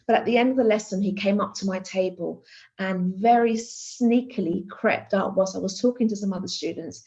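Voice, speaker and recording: A woman's voice: medium pitch, normal speed, mellow, highs cut off. A woman giving a conference keynote as an art teacher, telling a classroom story with many fillers and restarts. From Greece.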